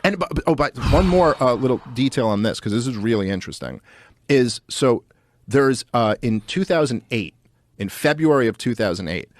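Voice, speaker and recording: A man talking as a guest on a show in a casual, animated way, with many fillers and restarts. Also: medium pitch, no room sound. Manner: fast, animated and full of fillers. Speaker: podcast guest. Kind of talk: casual political talk.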